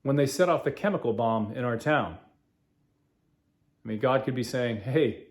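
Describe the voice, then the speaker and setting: A man hosting a podcast, talking in a halting, earnest way with many fillers. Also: medium pitch. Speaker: podcast host. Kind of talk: casual spoken commentary.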